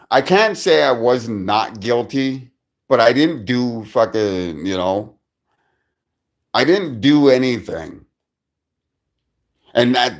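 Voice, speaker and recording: A man telling a rambling personal story on a live stream, swearing constantly and restarting his sentences. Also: medium pitch.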